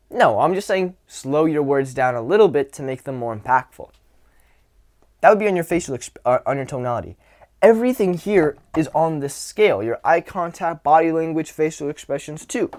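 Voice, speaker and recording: A man coaching on social skills in a casual instructional talk, relaxed and grounded, slowing his words for emphasis. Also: fairly high pitch. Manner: demonstrative, swings from whisper to loud to show vocal dynamics; relaxed, grounded, drawn-out delivery with sighs.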